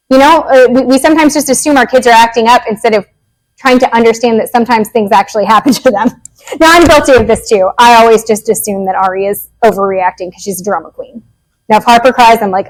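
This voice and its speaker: A woman in her thirties, a behavior analyst, giving a casual, animated workshop talk to parents in a meeting room and acting out quoted lines. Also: on the high side, a little fast, low-quality recording. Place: meeting room with a live audience.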